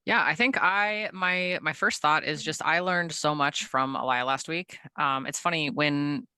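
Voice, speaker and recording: A woman business owner in a casual talk, earnest and animated. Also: deep voice, a little slow, clean tone, no room sound.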